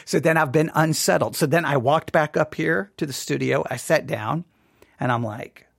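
A man's voice: on the high side, normal speed, creaky, fairly bright tone, no room sound. A man telling a chatty, self-deprecating story as the host of a casual devotional podcast recorded in his home studio. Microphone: studio microphone.

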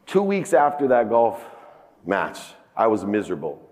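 A keynote speaker on a large conference hall stage gives a motivational talk, his lowish, darkish voice swinging hugely in pitch at normal speed. He tells stories emphatically, acts out dialogue, and builds to rising outbursts, all under the hall's long reverb.

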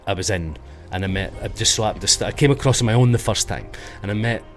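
A middle-aged Scottish man talking quickly in a low voice, as a guest in a casual interview. He tells his stories in a rambling way and often corrects himself mid-sentence. Faint music plays behind him. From Scotland. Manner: rambling storyteller, self-correcting.

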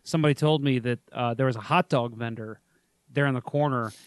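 A man co-hosting a casual hockey podcast, joking with deadpan tall tales. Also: mid-range voice, brisk, clear, resonant tone, dry recording. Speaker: podcast co-host.

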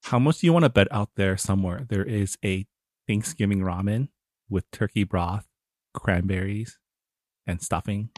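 Joking man with a low voice. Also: moderate pace, darkish tone, dry recording, studio quality. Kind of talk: casual chat.

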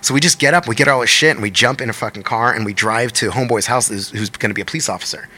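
A man's voice: mid-range voice, rapid-fire. A man in his thirties, a touring musician and podcast guest, telling a story in casual chat with lots of swearing and acted-out quotes. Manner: animated, profane, acts out quotes.

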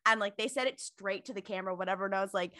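A woman co-hosting a casual review podcast, talking in an animated way with lots of fillers. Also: mid-range voice, racing, no room sound. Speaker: podcast co-host.

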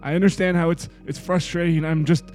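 A man plays a nervous fast-food manager in a tabletop role-play. He stammers and repeats himself, his voice slightly raised, while soft music plays behind. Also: fairly high pitch, fairly even intonation. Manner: stammering, flustered, repeats words. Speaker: player voicing a burger chain manager. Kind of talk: in-character actual-play role-play.

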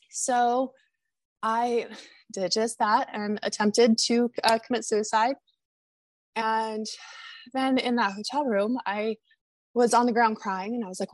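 A woman with a fairly high voice tells her personal story on a podcast. She is candid and confessional, with animated retelling. The sound is dry and close. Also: no echo. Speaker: podcast guest.

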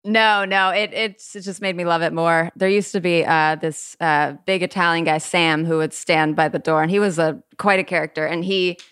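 A woman's voice: on the low side, fairly even intonation, moderate pace, few pauses, fairly bright tone, clean tone, no echo, clean studio sound. A woman in her thirties, a podcast guest, chatting casually and telling stories with lots of fillers. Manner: chatty storytelling, many fillers and restarts. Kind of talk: casual chat.

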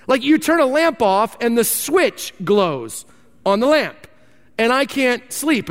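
A man preaching a sermon, reading scripture and then telling animated stories with emphatic repetition. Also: sits high, big-room sound. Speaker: pastor.

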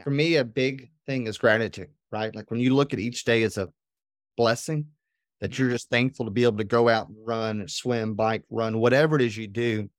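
A man tells a story as a podcast guest, energetic and emphatic, often tagging his points with a quick "right?". His voice sits at an ordinary middle pitch. The sound is dry and close. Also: dry recording. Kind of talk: animated storytelling in conversation.

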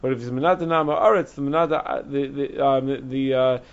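A man's voice: mid-range voice, brisk. A man teaching a Talmud lesson, explaining as he goes with many restarts and fillers. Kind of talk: Talmud lecture. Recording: dull lo-fi recording.

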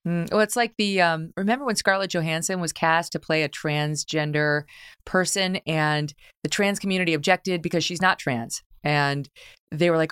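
A woman hosting an interview, chatting casually and asking wry, quick follow-up questions. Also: lowish voice, a bit bright, clear, resonant tone, no echo, clean studio sound. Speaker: host.

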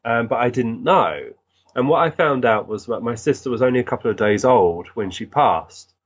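Male guest, earnest animated storyteller, mid pitch, lo-fi dull audio. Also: moderate pace, slightly rough. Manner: earnest, animated, recounting with many restarts. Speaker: guest, physical medium. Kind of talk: storytelling in conversation.

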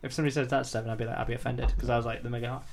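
A man's voice: medium pitch, flat delivery, rapid-fire, vocal fry. A Scottish man co-hosting a podcast in casual, teasing banter, rolling his R's. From Scotland. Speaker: podcast co-host. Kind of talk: casual chat.

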